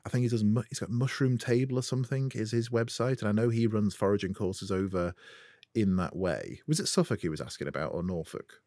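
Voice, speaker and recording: A man from England co-hosting a countryside podcast, joking in a relaxed, dry way. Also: fairly low pitch, a little fast, no echo. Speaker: podcast co-host. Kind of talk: casual chat.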